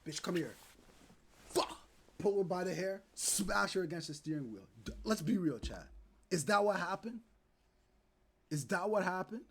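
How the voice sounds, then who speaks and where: A young man streaming, ranting to his chat in animated, profane commentary and acting out the people he talks about. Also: high voice, moderate pace, creaky, slightly rough. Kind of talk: casual commentary to live chat.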